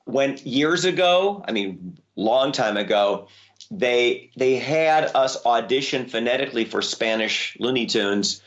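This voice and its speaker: Lively man telling stories. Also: unhurried, muffled recording. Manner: lively, jumps up in pitch when excited. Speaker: voice actor guest. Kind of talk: casual interview storytelling.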